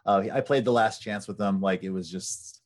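Low-voiced man, talk-show guest, chatty and animated. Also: normal speed. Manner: animated storyteller with lots of fillers. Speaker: podcast guest. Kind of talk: casual chat.

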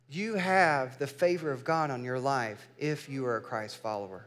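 A middle-aged man preaching a sermon. He tells a family story and builds up to loud, emphatic declarations. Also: medium pitch, expressive, measured pace, hardly any pauses. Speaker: pastor.

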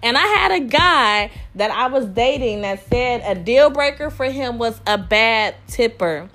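A woman's voice: fairly high pitch, lively intonation, a little slow, fairly bright tone, soft background music. A woman hosting a podcast in candid casual chat. She is blunt and frank, speaks her mind and laughs often. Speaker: podcast host.

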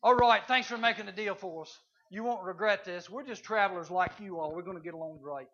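A man voicing an ancient male envoy who smooth-talks his way into a deal, eager and pleading, in an acted-out Bible story. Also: sits high, pushed and bright, highs cut off. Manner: eager, fast-talking, pleading.

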